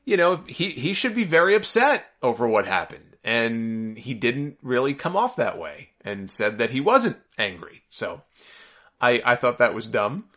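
A man's voice: mid-range voice, fairly bright tone. A man hosting a solo podcast, giving sarcastic, opinionated commentary and getting exasperated and worked up. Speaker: podcast host.

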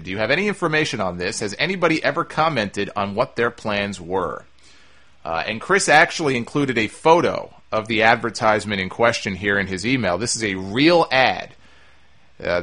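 Man, podcast host, conversational, bright crisp voice, answers listener mail. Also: lowish voice. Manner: conversational, with frequent "uh" fillers and restarts. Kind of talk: casual podcast talk.

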